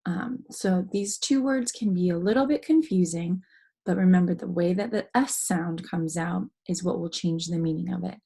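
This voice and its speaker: Female teacher for a phonics lesson. Husky, slightly gravelly voice, patient step-by-step explaining. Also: on the low side, warm tone. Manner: slow, careful, explaining step by step. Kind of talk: phonics lesson for young students.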